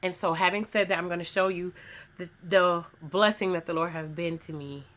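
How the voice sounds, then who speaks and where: A woman's voice: lowish voice, steady tone, normal speed, fairly bright tone. Earnest woman sharing a rambling testimony. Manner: earnest, rambling with restarts and quoted voices. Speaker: small business owner. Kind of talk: casual testimony vlog. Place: home sewing workroom.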